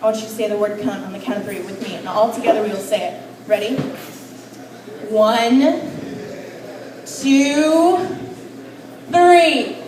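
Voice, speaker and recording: Young woman doing raunchy standup at a bar open mic, pretty high voice, echoey and kinda far from the camera. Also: a little slow, long pauses, noisy background. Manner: brash, crude, playful punchlines. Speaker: stand-up comedian. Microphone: far camera recording a stage. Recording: roomy bar sound from far off.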